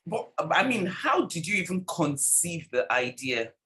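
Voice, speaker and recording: A woman's voice: fairly low pitch, a little slow. A woman podcast host with a Nigerian accent, chatting casually, laughing and acting out anecdotes. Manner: animated, laughing, acts out anecdotes. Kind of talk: casual interview chat.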